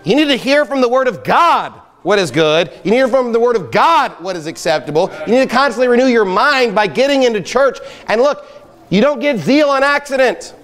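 With a very high, expressive voice and a fairly quick pace, this man preaches fire to a church camping trip. Out at the campsite gathering he exhorts his listeners emphatically, climbing to loud calls.

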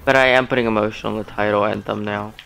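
A young man giving casual, rambling commentary on his own game, excitable and poking fun at his losses. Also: fairly low pitch, very fast, gravelly, clean tone, soft background music. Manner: excitable, self-deprecating, rambling. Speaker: gaming streamer.

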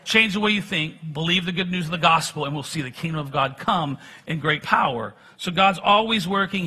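Husky high-voiced male preacher. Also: pushed and bright. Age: middle-aged. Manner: conversational, self-deprecating humor, frequent restarts. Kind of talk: sermon with personal stories.

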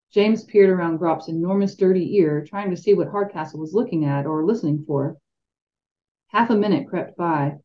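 A woman's voice: on the low side, mellow. A woman reading a fantasy novel aloud expressively as a podcast co-host, with light asides. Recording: dull lo-fi sound.

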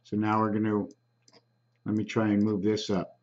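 Host type, man, lowish voice, unhurried halting reader, muffled home-recorded sound. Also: completely flat delivery, darkish tone. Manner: slow, halting reading with frequent ums. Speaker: channel host reading comments aloud. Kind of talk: casual screen-reading commentary.

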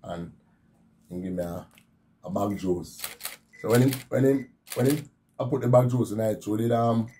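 A man's voice: on the low side, moderate pace, long pauses, dark tone, a little hiss or hum. A man in his fifties from Jamaica with a Jamaican Patois accent, animatedly telling his own survival story and repeating words for effect. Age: 50s. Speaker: interviewee.

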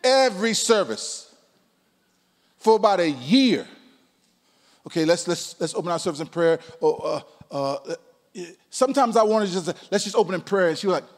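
A pastor in his sixties preaching a sermon, swinging between loud calls and hushed asides. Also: high-pitched, animated, normal speed, in a large hall. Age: 60s. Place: church sanctuary.

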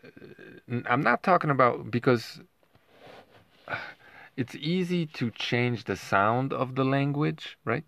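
A man's voice: mid-range voice, a little slow, creaky, long pauses, a bit bright, dry recording. A man talking in a rambling monologue at home, often tagging his points with a questioning aside. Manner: rambling, keeps asking "right?". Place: home with dogs nearby.

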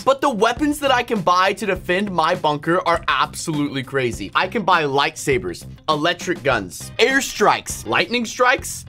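Hyper young man doing gameplay commentary. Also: high-pitched. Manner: hyper, excitable, shouts and yelps often. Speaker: gaming YouTuber.

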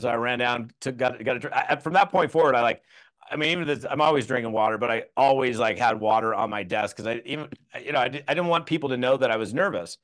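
A man in his thirties leads a live training session, talking loosely and conversationally. He pads his sentences with fillers, restarts his thoughts, and tells self-deprecating stories. His voice sits at a middling pitch. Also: fast talker, fairly bright tone. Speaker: network marketing trainer. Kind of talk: live training talk to a group.

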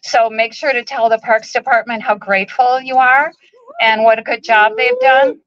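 A woman's voice: a little high, steady tone, a bit bright, muffled recording. Emotional woman speaking at a rally. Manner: emotional, halting, many ums, tearful at times. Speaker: animal rights group president speaking at a rally. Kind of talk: public speech at an outdoor protest. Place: outdoor protest march.

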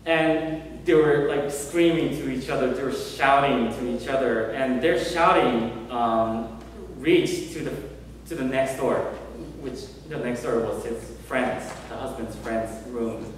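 A male reverend telling a story in a sermon, gentle and unhurried with many pauses. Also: mid-range voice, slight background noise. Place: temple hall. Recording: echoey hall from far off.

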